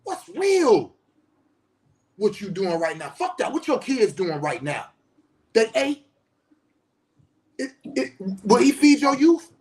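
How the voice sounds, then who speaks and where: Aave-speaking counselor guy going off, cussing, passionate, gets loud. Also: extremely high pitch, sing-song, takes it slowly, long pauses. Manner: passionate, blunt, heavy swearing, rising to shouts. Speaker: spiritual teacher and counselor. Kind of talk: impassioned profane monologue.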